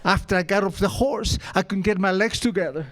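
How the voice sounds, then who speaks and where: High-voiced man telling a comic story. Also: fairly quick, a little hiss or hum. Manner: animated, comic, acts out scenes with gestures and sound effects; self-mocking. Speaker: recovery meeting speaker. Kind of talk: comic storytelling talk to an audience.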